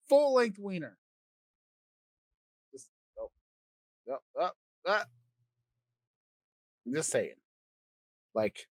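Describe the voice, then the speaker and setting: A man hosting a comedy podcast, ranting crudely and swinging between loud outbursts and quiet asides. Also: fairly high pitch, dry recording. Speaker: podcast host. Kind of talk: comedic rant.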